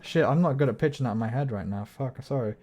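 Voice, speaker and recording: A man's voice: mid-range voice, quick pace, a little mellow. A man chatting casually on a livestream, explaining music theory, humming melodies and swearing when frustrated. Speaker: streamer. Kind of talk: casual livestream chat while gaming.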